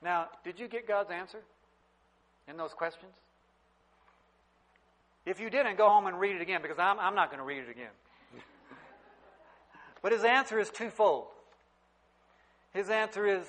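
A middle-aged man preaching a sermon, telling stories and swinging from loud to quiet. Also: high-pitched, lively intonation, normal speed, pauses often, rough recording. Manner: storytelling preacher, wide swings in loudness. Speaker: pastor.

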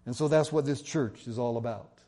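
A pastor preaching a sermon earnestly, slowing down when he reads scripture aloud and making self-deprecating asides. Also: mid-range voice, warm tone.

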